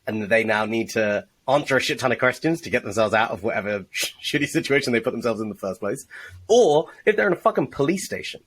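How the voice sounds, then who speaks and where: A man's voice: medium pitch, animated, fast talker, husky, rough recording. A man co-hosting a casual sales chat, explaining techniques with blunt, profane emphasis. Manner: profane, emphatic, teaching with examples. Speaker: sales trainer, co-host.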